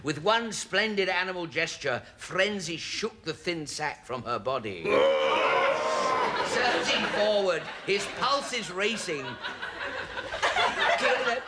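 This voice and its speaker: A prim, easily embarrassed reader on a hospital ward who keeps apologizing and dissolving into giggles. His pitch leaps all over the place and he takes his time. The old recording is buried in loud hiss. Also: big pitch swings, slow pace, full character voice. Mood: giggling. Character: prim, easily flustered man reading a racy novel to patients. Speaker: hospital volunteer reading aloud. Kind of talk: sketch comedy acting.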